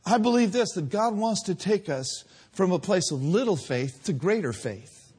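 A man preaching a sermon, swinging between loud drawn-out peaks and quiet low lines. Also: animated, husky.

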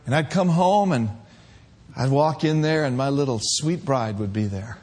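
A man from Minneapolis preaching a sermon, playful and animated, sometimes rising to shouts. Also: mid-range voice, normal speed, husky. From Minneapolis, USA.

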